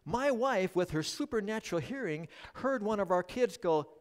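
A middle-aged male pastor preaching a sermon at a church service, joking with the congregation as an animated storyteller. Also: high voice, normal speed, a little hiss or hum. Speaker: guest pastor.

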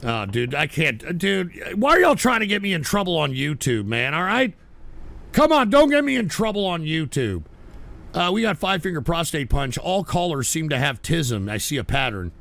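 Guy hosting a rowdy call-in stream, swears a lot, voice jumps all over, kinda high. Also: very animated, moderate pace, gravelly. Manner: loud, abrasive, swearing. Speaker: call-in show host. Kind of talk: profane call-in radio banter.

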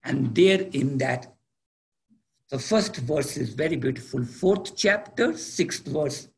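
A man with an Indian accent giving a spiritual lecture, deliberate and repeating key words for emphasis. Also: on the high side, expressive, vocal fry. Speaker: spiritual teacher.

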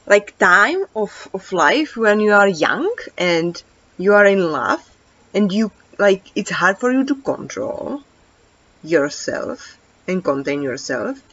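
A woman's voice: mid-range voice, very animated, fairly bright tone, no echo. A woman hosting a reaction video who reads translated lyrics aloud and then comments casually. She stumbles, restarts words and fills her talk with "like.". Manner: halting, stumbles and restarts words, many "like" fillers. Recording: dull lo-fi recording.

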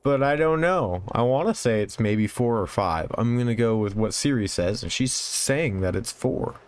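A man's voice: mid-range voice, expressive, normal speed, clear, resonant tone. Give me a man doing laid-back game commentary, joking and swearing. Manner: joking, laughs often, swears freely. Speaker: let's play host. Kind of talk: casual gameplay commentary.

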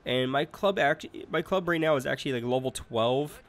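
Young male gamer, mid-pitched, casual rambling play-by-play with lots of fillers. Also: normal speed. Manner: rambling, repeats himself, frequent fillers. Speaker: gaming commentator. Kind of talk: casual let's-play commentary.

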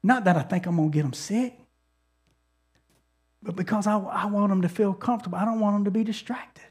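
A man's voice: sits high, brisk, darkish tone, husky. A male pastor preaching a sermon in a conversational, storytelling way, often restarting his sentences and calling on the congregation to respond.

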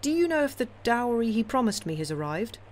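A woman voicing a greedy, boastful young man who talks eagerly, his questions rising high. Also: very animated, brisk, darkish tone, slight background noise.

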